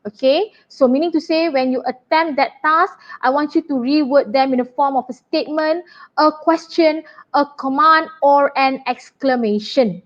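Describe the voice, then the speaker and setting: A high-pitched woman teaches a writing lesson to pupils over a stream. She talks in a brisk, chatty way, and the sound is dull and lo-fi. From Malaysia. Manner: brisk, chatty and apologetic, addressing pupils warmly. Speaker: English teacher. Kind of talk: online workshop lesson.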